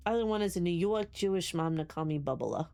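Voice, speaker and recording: Her lowish, mellow voice comes out animated and a little fast as she streams a game in a New Jersey accent. She's chatty and profane with her chat, often restarting what she's saying.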